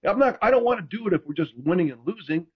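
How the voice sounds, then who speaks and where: A man telling stories in casual chat, animated and self-deprecating, acting out quotes. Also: high voice, fast, slightly rough, dull audio. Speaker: podcast host, former NFL quarterback.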